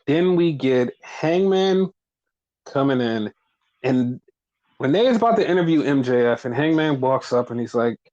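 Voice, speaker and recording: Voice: medium pitch, normal speed, highs cut off. A podcast host recapping wrestling in casual chat, swearing freely and acting out what others said. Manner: animated, swears often, acts out quotes.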